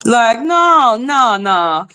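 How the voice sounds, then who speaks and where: Woman host, blunt profane live-stream rant, fairly high voice. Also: very slow, smooth. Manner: blunt, profane, swings between flat mutters and high exclaims. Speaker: livestream host.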